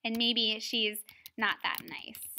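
A woman's voice: on the high side, slow pace, vocal fry, bright, forceful tone, a little hiss or hum. A woman teaching a writing lesson on dialogue, explaining step by step and often checking in with "right?". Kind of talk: recorded lesson video.

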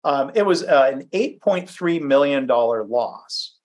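A man's voice: medium pitch, lively intonation, measured pace, a little mellow. Brief: man presenting a webinar from his home office, easygoing and self-deprecating, mid-range voice. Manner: conversational, self-deprecating, with fillers and restarts. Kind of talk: presentation with anecdotes.

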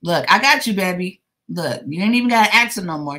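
Low, bright-voiced woman hosting a craft stream. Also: expressive, fairly quick, few pauses. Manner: chatty, greets viewers warmly by name; playful teasing with laughter. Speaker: livestream host. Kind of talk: casual livestream chat while crocheting.

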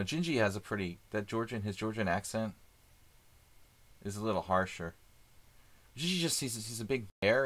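A man streaming live chess, thinking aloud in casual commentary with many fillers and pauses. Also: on the low side, fairly bright tone.

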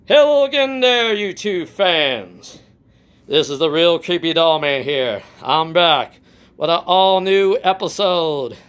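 A man hosting his own doll channel, announcing slowly and deliberately with lots of repetition. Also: on the high side, lively intonation, fairly bright tone, clear, resonant tone. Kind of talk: casual video narration.

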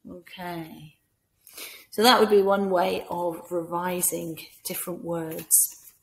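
A woman's voice: on the low side, level tone, slow. Scottish woman explaining classroom ideas. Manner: demonstrates by speaking to imagined children in a bright teacher voice. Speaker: teacher trainer. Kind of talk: instructional talk with classroom role-play.

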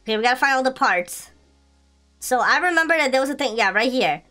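A young woman giving excitable, giggly commentary while playing a video game. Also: high voice, fast talker, soft background music. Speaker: gaming channel host.

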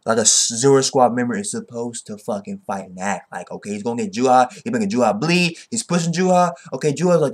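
Excitable young man reviewing manga. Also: medium pitch, fairly quick, hardly any pauses. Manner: excitable, heavy slang and swearing, repeats "okay?". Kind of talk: casual commentary.

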